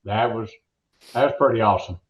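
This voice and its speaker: With crowd noise behind him and the highs cut off, an older man with an Oklahoma accent speaks briskly in a fairly low voice. The former monster truck announcer tells stories and jokes in a folksy, rambling way during a casual interview.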